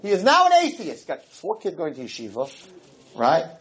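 A man, a rabbi, giving a storytelling lecture to an audience, animated and acting out the dialogue. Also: a little high, normal speed, a little hiss or hum, rough recording. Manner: animated, acts out dialogue, sprinkles in Hebrew and Yiddish terms.

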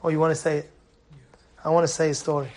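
Man, rabbi teaching a class, high voice, emphatic, repeats his points, classroom with students. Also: fast. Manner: emphatic, repetitive, animated storytelling. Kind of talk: live Torah class sermon.

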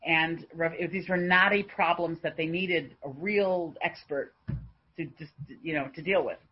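A woman giving a religious talk, telling a story in an earnest, unhurried way and then fervently urging her listeners. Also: sits low, fairly even intonation, slightly rough. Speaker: religious teacher. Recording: dull lo-fi recording.

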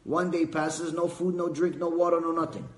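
Casting: lively high-voiced rabbi lecturing a room, echoey hall sound. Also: male voice, normal speed. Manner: animated, emphatic storytelling. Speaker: rabbi teaching a class. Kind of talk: Torah lecture with storytelling.

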